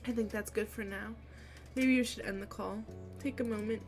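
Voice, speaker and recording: A woman voicing a loving mother on a phone call with her grown son, read softly and tenderly. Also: mid-range voice, steady tone, normal speed, soft background music, close to an everyday voice.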